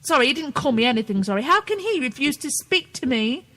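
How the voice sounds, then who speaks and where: A woman's voice: sits high, very animated, quick pace, pushed and bright. A British woman chatting and laughing as a podcast co-host. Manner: laughing, teasing. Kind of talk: casual chat.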